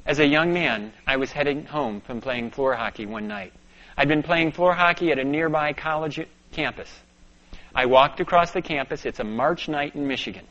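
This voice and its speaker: A male preacher telling a personal story in a sermon, dropping to a hush and rising to urgent bursts. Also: on the high side. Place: church sanctuary. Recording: dull lo-fi sound.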